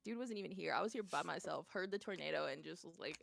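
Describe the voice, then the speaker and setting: A young woman in her twenties telling stories in casual chat as a streamer, animated, laughing often and swearing freely. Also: lowish voice, fast, gravelly, dry recording, clean studio sound.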